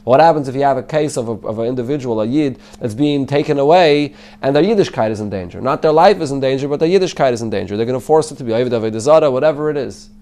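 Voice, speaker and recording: Speaking rapid-fire with hardly any pauses, this rabbi has a mellow, mid-range voice. He leads a Talmud class, translating each line and explaining it in English laced with Hebrew and Yiddish terms while fielding students' questions.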